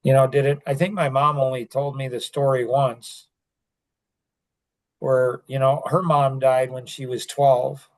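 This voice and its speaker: A man's voice: medium pitch, level tone, measured pace. An older man hosts a loose, casual podcast conversation. He rambles, leans heavily on fillers, and often breaks off and restarts his sentences. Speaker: podcast host.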